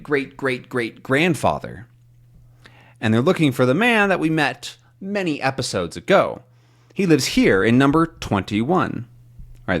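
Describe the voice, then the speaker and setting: A man teaching English to learners, reading a comic aloud with slow, clear explanations. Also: medium pitch.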